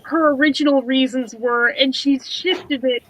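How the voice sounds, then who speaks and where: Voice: high-pitched, steady tone, unhurried, fairly bright tone, low-quality recording. A speaker in a casual chat, chiming in with blunt, exasperated remarks.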